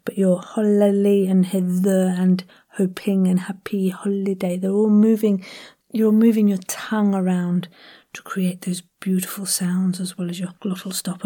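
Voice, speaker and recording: A woman who hosts a podcast, leading a playful vocal warm-up lesson with crisp enunciation and frequent whispered asides. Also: medium pitch. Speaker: voice acting coach and podcast host.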